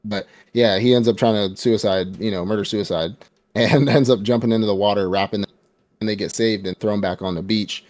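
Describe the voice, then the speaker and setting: A man's voice: fairly low pitch, steady tone, fairly quick, darkish tone, no room sound. A man co-hosting a casual movie review podcast, retelling scenes with lots of laughter and acting out the characters' lines. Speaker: podcast co-host.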